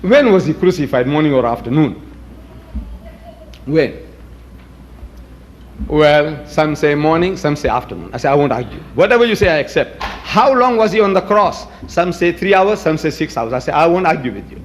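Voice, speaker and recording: A man's voice: on the high side, animated, normal speed, long pauses, slight background noise. A man from Africa, giving a combative, rhetorical public lecture and mimicking his opponents. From South Africa. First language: Gujarati.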